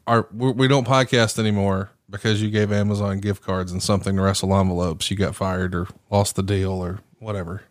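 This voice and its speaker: A man's voice: deep voice, little pitch movement, brisk, few pauses, dry recording, studio quality. A man from the American South hosting a podcast, teasing his co-host and laughing often in casual banter.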